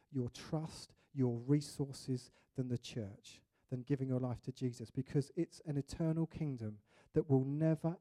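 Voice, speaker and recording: A man preaching a sermon in an animated way, acting out little scenes and voices. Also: medium pitch.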